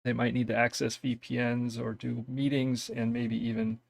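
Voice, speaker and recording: A man's voice: mid-range voice, little pitch movement, moderate pace, gravelly. A man hosting a casual technical live stream from home, talking hesitantly with many fillers and self-deprecating asides. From US East Coast.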